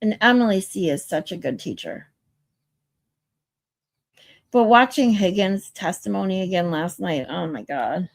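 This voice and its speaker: A woman's voice: fairly low pitch, animated, unhurried, creaky, long pauses, no echo. A sleep-deprived woman hosting a livestream, chatting loosely and reading viewer comments aloud. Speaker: livestream host. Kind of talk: casual chat with live viewers.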